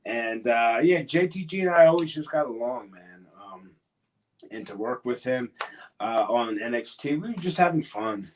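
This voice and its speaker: A man's voice: mid-range voice, animated, normal speed. A man, a former pro wrestler, telling stories as a guest in a casual interview, rambling and repeating himself. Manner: rambling, repeats words and restarts.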